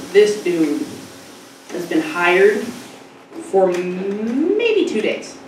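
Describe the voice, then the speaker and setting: A woman's voice: medium pitch, distant mic, slight background noise. A young woman performing a stand-up comedy set, chatty and self-mocking, rambling through asides. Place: comedy club stage. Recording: echoey club, mic from afar.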